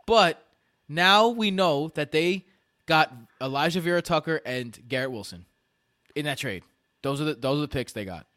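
A man hosting a casual sports podcast, ranting loudly and swearing, then dropping to a mutter. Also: a little high, no echo, studio quality. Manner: rants loudly, swears, jumps between shouting and muttering. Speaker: podcast host.

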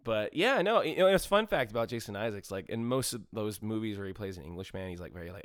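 Fast-talking man with a low voice. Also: clear, resonant tone, no echo, studio quality. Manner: swearing, animated, quick bursts of laughter. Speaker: podcast co-host. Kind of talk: casual chat.

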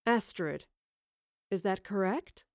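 A poised female supreme commander, read by a woman, speaking in a calm, arch, clipped tone that expects obedience. The timbre is set apart from the narrator's. The storybook recording is dry and close. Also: medium pitch, slow pace, no room sound. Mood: commanding. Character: tall cool-headed female supreme commander.

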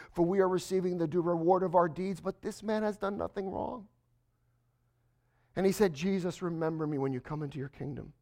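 A man preaching a sermon to a congregation, dropping to a hush and then building to slow, emphatic lines. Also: high voice. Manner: swings from hushed to emphatic, slows for stress. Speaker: pastor.

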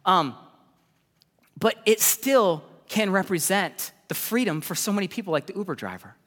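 A man with a high, bright voice preaching a sermon, leaping up in pitch and acting out little asides as he goes. His words carry a long reverb from a big church hall. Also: moderate pace. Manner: animated preaching with sudden pitch jumps and acted asides. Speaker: pastor.

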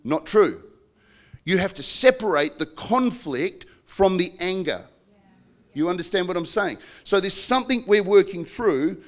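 A man's voice: high-pitched, lively intonation, unhurried. Earnest middle-aged male preacher. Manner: earnest, acts out couples' quarrels in bursts of shouting. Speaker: pastor. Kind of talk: sermon.

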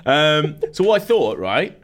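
A man's voice: on the high side, sing-song, measured pace, a bit bright. A man hosting a casual comedy podcast, laughing often as he rambles and reads out a script. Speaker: podcast host.

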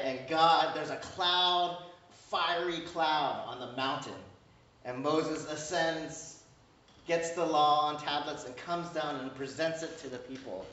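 A male pastor preaching a sermon in a conversational, animated way, often checking in with the congregation and acting out small exchanges. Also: a little high, a little hiss or hum. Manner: conversational, keeps asking "right?"; animated, acts out little dialogues. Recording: roomy echo, distant mic, dull sound.

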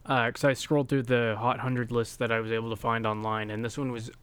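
Smooth-voiced joking podcast man. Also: mid-range voice, level tone, brisk, a bit bright, no room sound. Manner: joking, chuckles at his own bits. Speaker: podcast co-host. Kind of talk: casual chat.

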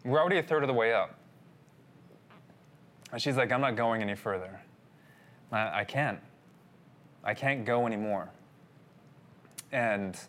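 A man's voice: mid-range voice, a bit bright. A man telling a personal story in a sermon, talking casually and addressing his listeners as guys. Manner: conversational, addresses audience as guys. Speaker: pastor.

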